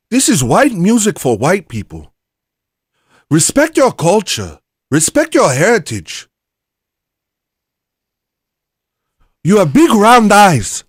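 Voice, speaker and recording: A man's voice: high voice, breathy edge, no room sound, clean studio sound, pitched above the performer's own voice, exaggerated voice. A man putting on an African accent to play a preachy man lecturing white people on their culture, stern and drawn out.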